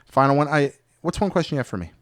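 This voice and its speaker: A man hosting a podcast, asking quick questions with animated reactions and rambling a little when he answers. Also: fairly high pitch, no room sound, clean studio sound. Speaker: podcast host. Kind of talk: casual interview chat.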